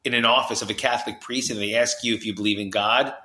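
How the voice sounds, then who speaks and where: A man from New Jersey, a podcast guest, telling his story with high energy, lots of restarts and "you know"s. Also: steady tone, quick pace, sharp tone. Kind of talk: animated storytelling in conversation. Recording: roomy echo.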